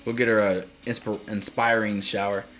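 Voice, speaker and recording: A man with a bright, forceful voice rambles through live gameplay commentary. He is chatty, laughs easily and breaks off to answer his viewers. Soft game music plays faintly under him. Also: lowish voice, level tone, normal speed. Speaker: streamer.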